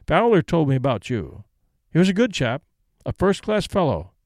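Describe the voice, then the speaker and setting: A man's voice: a little high, wildly swooping pitch, normal speed, darkish tone, dry recording, studio quality. A man voicing a cheerful young airman who speaks in a breezy, polite way.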